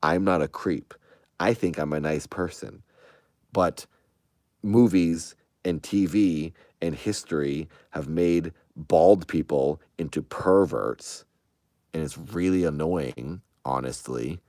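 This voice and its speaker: A streamer with a very deep, darkish voice speaks at a slow pace, responding to his online audience's comments in a casual, rambling and defensive manner with many restarts. It's studio-quality audio with no echo.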